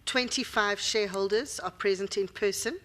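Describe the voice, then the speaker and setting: A hoarse woman with a South African accent, formally reading out figures as a company secretary. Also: mid-range voice, normal speed, fairly bright tone. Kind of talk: formal meeting report.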